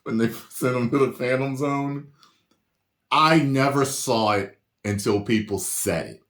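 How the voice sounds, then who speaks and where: A man hosting a reaction video, chatting casually with animated jokes and frequent laughter, recorded at home. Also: mid-range voice, unhurried, echoey room. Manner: animated, laughs often, jokey asides. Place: home room with a printer.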